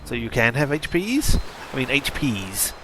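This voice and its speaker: A man's voice: mid-range voice, sing-song, measured pace, background noise. A man hosting a casual let's play video, commenting on a game in a rambling, self-mocking way.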